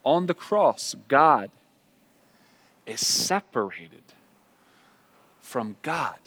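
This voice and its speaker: A male pastor delivering a sermon, swinging from loud, rising emphasis to hushed, slow passages when reading scripture. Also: very animated. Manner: dynamic preaching, rising loud for emphasis then dropping low and quiet.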